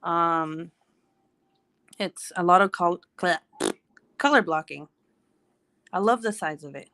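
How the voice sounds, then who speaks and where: A woman's voice: on the low side, takes it slowly, fairly bright tone, no room sound. A woman in her thirties hosting a casual livestream chat while crafting, rambling and laughing through her stories. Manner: chatty, laughing, loose storytelling. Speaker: livestream host.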